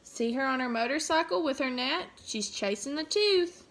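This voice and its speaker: A woman teacher reading a picture book aloud to children, pausing to ask gentle questions. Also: sits high, lively intonation, slight background noise.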